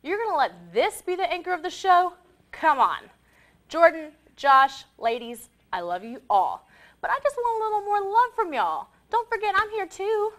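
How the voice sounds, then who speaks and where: A woman's voice: extremely high pitch, sing-song, normal speed, a bit bright. A young woman co-hosting a comic student TV show, delivering an indignant, complaining rant. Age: young adult. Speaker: co-host.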